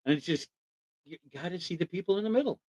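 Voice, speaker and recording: Dry, close-miked enthusiastic host. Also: male voice, high voice, lively intonation, fast, darkish tone, no room sound, rough recording. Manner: enthusiastic, talks to viewers in chat, acts out quoted voices. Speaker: live show host. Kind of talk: casual live-stream chat.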